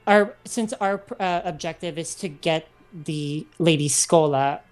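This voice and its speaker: A woman's voice: deep voice, unhurried. A woman playing a tabletop game, explaining her party's plan casually with some restarts. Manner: explains plans, hesitant restarts. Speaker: player. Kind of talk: casual chat.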